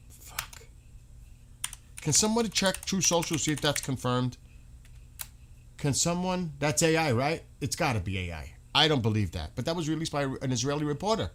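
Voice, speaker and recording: A man's voice: fairly high pitch, expressive, moderate pace, long pauses, a little hiss or hum. A man reacting to news on a live stream, exclaiming in disbelief and swearing now and then.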